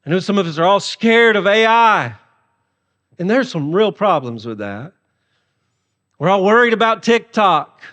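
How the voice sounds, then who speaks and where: A male pastor preaches with humor and a lively, animated manner. His voice sits high for a man. The sound carries a long reverb from a large hall. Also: unhurried, long pauses. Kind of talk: sermon.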